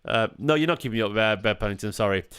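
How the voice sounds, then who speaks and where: A man's voice: on the low side, rapid-fire, a bit bright, smooth. A man in his thirties hosting a live football watchalong, chatting casually, reacting to the match and answering chat messages while tired and yawning. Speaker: fan channel host.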